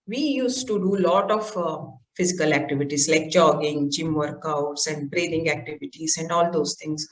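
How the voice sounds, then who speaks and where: A woman's voice: low voice, normal speed, few pauses. Indian woman on a podcast, talks through things step by step with lots of uhs, echoey room. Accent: Indian English. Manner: explains step by step with many "uh" fillers. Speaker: guest, mountaineer and marathon runner. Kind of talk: conversational podcast interview. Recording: roomy echo.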